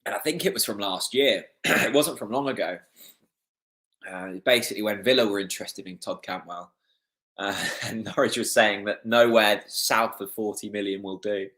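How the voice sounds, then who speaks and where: A young man hosting a live football watchalong, excitable and getting hoarse. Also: on the low side, normal speed. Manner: excitable, swings from calm chat to shouting at goals. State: losing his voice. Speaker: fan watchalong host.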